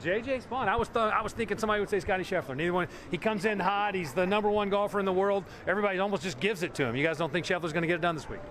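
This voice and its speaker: Upbeat man interviewing outdoors, quick talk. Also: high-pitched, a bit bright. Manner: upbeat, chatty, laughs often. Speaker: golf reporter live at a tournament. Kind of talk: live field interview and report. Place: outdoors at a golf course.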